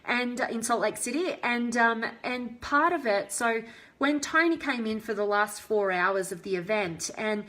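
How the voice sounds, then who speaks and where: A woman hosting a live stream as a motivational coach, warmly answering viewer comments in a heartfelt, enthusiastic way. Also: fairly high pitch, normal speed.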